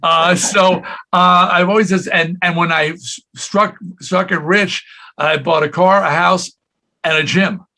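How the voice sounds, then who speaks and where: Animated rock singer in his sixties. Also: high-pitched, unhurried, vocal fry. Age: 60s. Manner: animated storyteller, jumps into quoted voices. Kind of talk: casual interview storytelling.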